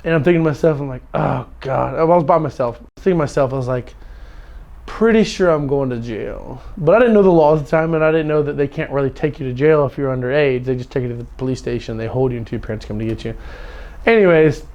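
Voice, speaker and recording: A man's voice: mid-range voice, racing, a little mellow, lo-fi sound. A man casually telling a story, laughing often and repeating words as he goes. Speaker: storyteller guest.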